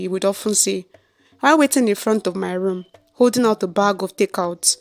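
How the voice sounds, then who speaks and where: A woman with a Nigerian accent, narrating a folktale in an expressive storytelling style. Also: medium pitch, normal speed, vocal fry, faint music behind.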